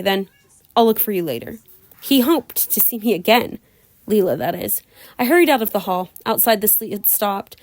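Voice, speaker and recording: A woman reads a novel aloud in an even, mid-pitched voice. The sound is dry and close, with no room around it. She keeps the characters' lines near her own voice. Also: no room sound. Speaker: audiobook reader.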